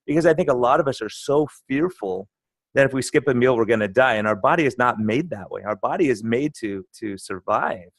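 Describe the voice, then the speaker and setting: Middle-aged male doctor, mid pitch, dry close mic, animated storyteller in casual chat. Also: brisk, creaky, no room sound. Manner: animated storytelling, acts out quoted patients. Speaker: internal medicine doctor, guest.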